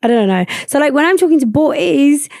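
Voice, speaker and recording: Woman, young, casual podcast chat, rambling, higher pitch, dry. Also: a little fast, creaky, no room sound. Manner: rambling, animated, swears freely. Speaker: podcast host.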